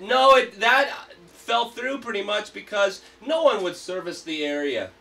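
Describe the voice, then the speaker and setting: A man's voice: high voice, animated, measured pace, gravelly, bright, forceful tone, distant mic. A man hosting a casual livestream, ranting in a hyped, profane way. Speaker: livestream host.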